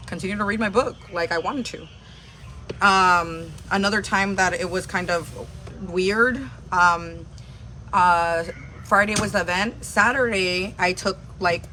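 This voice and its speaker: A woman's voice: lowish voice, pushed and bright, a little hiss or hum. A woman hosting a livestream, telling a personal story in a casual, rambling way full of filler words.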